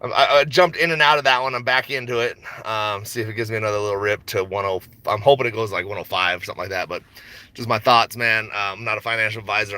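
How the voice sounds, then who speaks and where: A man's voice: fairly low pitch, sharp tone. A man talking casually on a stock market livestream, rambling and slangy, with frequent laughs. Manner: rambling, laid-back, slangy, laughs often.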